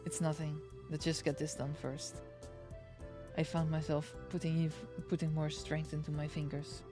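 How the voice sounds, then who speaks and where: A streamer with a mid-range voice, flat delivery and moderate pace reads a visual novel's text aloud and reacts playfully, tossing in Japanese words. Soft game music plays in the background.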